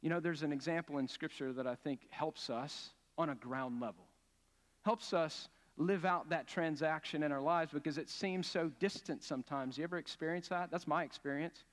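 A man's voice: a little high, moderate pace. A male pastor preaching a sermon in an earnest, emphatic way, asking his listeners questions as he builds each point. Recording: long hall reverb.

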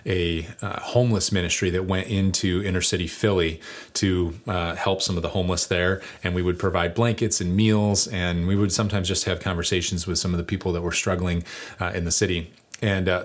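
Casual low-voiced male pastor. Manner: casual, chatty, many fillers. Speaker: lead pastor. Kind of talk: sermon storytelling.

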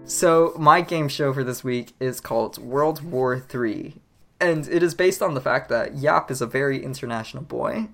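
A man's voice: mid-range voice, normal speed, creaky. Man, podcast host, casual chat, laughs a lot, faint music underneath. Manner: laughs often, stammers when excited. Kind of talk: casual chat, running a game segment.

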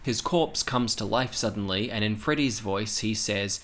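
A man recapping a horror film in casual chat, animated and profane, laughing often. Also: fairly low pitch, moderate pace. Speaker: podcast co-host.

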